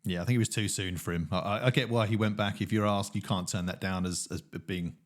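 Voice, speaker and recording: Low-voiced friendly male interviewer. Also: steady tone, a little fast. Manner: friendly, stumbling restarts, laughs along. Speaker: interviewer, host. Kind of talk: casual interview.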